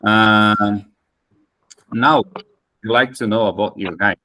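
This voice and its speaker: A man leading a casual English practice conversation, speaking haltingly with many fillers, Portuguese his first language. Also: fairly low pitch, pushed and bright. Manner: hesitant, many fillers and restarts. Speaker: conversation host.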